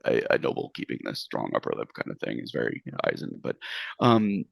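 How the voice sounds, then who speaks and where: A man's voice: rumbling low, very animated, fast, creaky, no echo. A man narrating a tabletop game as game master, in a loose style with many fillers.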